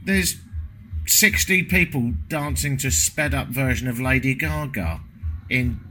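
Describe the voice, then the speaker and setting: A man's voice: medium pitch, expressive, unhurried, bright, forceful tone, slight background noise. A British man vlogging from a hotel room after a sleepless night, jet-lagged, wry and self-deprecating, swearing casually. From Britain. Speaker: travel vlogger. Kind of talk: casual travel vlog monologue. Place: hotel room with windows closed.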